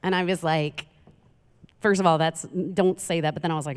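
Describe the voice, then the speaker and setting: A woman's voice: fairly low pitch, fairly even intonation, normal speed, slight background noise. A woman from Queens, giving a chatty, humorous sermon as a guest preacher in a church. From Queens, New York. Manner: chatty, self-mocking, humorous asides. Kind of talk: conversational sermon. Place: church sanctuary. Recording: reverberant church hall.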